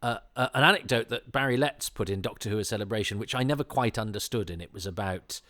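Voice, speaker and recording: A man's voice: on the low side, fast talker, pushed and bright, no echo. A man hosting a casual commentary while watching an episode, rambling and hesitant, with many fillers, restarts and wry chuckling asides. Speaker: podcast host.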